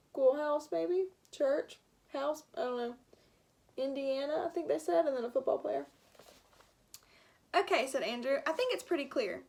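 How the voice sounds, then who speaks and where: High-voiced woman teacher reading aloud. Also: vocal fry. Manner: lively, animated character voices with asides and laughs. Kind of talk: storybook read-aloud.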